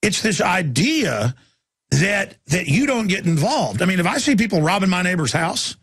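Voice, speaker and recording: A man's voice: high voice, big pitch swings, moderate pace, a bit bright, husky, dry recording, studio quality. A man from Texas, hosting a talk radio show and ranting in a heated, rambling way, often repeating words as he restarts.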